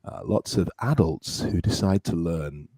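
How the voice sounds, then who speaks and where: Encouraging man teaching English, lively pitch. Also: breathy edge, no echo, clean studio sound. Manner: encouraging, praises often, drills words slowly. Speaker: English teacher and podcast host. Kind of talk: relaxed teaching podcast.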